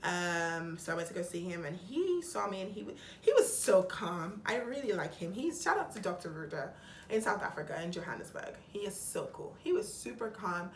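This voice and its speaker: A young woman vlogging about her own experience, chatty and a bit dramatic, acting out what people said to her. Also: lowish voice. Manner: chatty, dramatic, quick retellings with lively quoted voices. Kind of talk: personal storytelling vlog. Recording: roomy echo with faint background hum.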